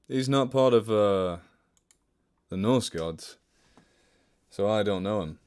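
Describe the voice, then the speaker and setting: A man's voice: fairly low pitch, slow pace, pauses often, a little mellow. A young man hosting a livestream, chatting casually with viewers, joking about himself and answering their questions. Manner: chatty, self-mocking, answers chat questions. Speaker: livestream host.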